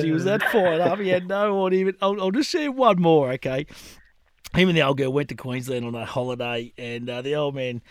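A middle-aged Australian man telling funny stories in a casual chat, animated and quick to laugh. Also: on the high side, a little hiss or hum. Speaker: podcast co-host.

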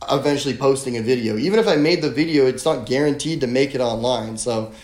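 A man's voice: mid-range voice, quick pace, a little mellow. A young man telling a story in casual podcast chat, rambling with lots of filler words and swearing. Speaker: guest. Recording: roomy echo.

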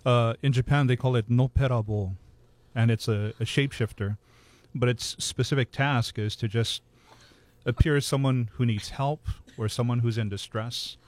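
A man telling local ghost stories in a relaxed, measured way, matter-of-fact about the details. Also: medium pitch, no echo. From Hawaii. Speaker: ghost storyteller guest. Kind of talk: casual ghost storytelling.

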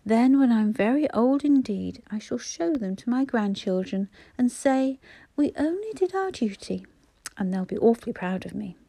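A woman's voice: on the high side, animated, moderate pace, creaky, warm tone, no room sound. A woman voicing a blunt, cocky young boy in a storybook. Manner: blunt, downright.

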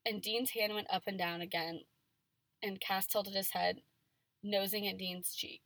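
A woman's voice: medium pitch, steady tone, a little slow, a bit bright, dry recording. Chatty woman reading aloud, dry close mic. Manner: reads dialogue with playful emphasis, chatty with many "like"s. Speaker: podcast co-host reading fan fiction aloud. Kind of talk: casual chat and reading aloud.

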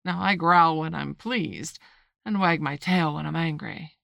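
Grinning sly cat drawling slow, woman reading it, lowish voice, riddles everything. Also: vocal fry, fairly bright tone, dry recording, clean studio sound, full character voice.

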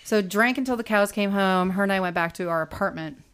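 A middle-aged American woman telling a long story in casual chat, animated and quoting people in raised voices. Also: mid-range voice, fairly quick, smooth. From United States.

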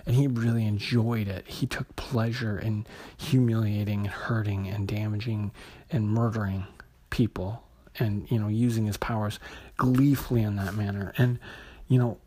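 A man's voice: on the low side, steady tone, normal speed, warm tone, breathy edge. A man casually retelling and reviewing a comic book issue, hesitant, with many fillers and restarts.

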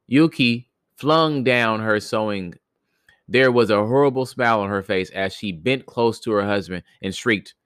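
A man's voice: fairly low pitch, unhurried, fairly bright tone, smooth, dry recording, studio quality. A man hosting a podcast, reading a ghost story aloud with frequent stumbles and restarts, then retelling it in joking slang. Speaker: podcast host reading stories. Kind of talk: casual storybook reading with commentary.

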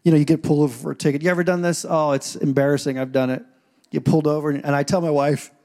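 A man preaching a sermon as pastor, telling stories and acting out scenes, swinging from quiet asides to loud points. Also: a little high, fast.

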